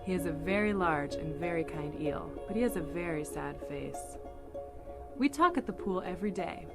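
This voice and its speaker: A kind, caring young island girl from an animated folk tale, voiced by a woman narrator. She speaks sweetly and earnestly with a lively, swinging pitch, over loud music. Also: normal speed. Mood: friendly.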